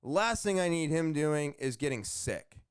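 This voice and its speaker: A man's voice: fairly high pitch, lively intonation, a little slow, clear, resonant tone, no room sound, studio quality. A man hosting his own show, telling a long rambling story with many fillers and repeated words. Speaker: podcast host. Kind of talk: casual storytelling monologue.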